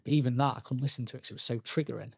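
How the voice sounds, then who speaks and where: Young guy, gravelly voice, lots of restarts and "like", dry close sound. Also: mid-range voice, fairly even intonation, a little mellow, no echo. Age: young adult. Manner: halting, frequent restarts and fillers, quoting himself and others. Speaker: podcast guest. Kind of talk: candid personal storytelling.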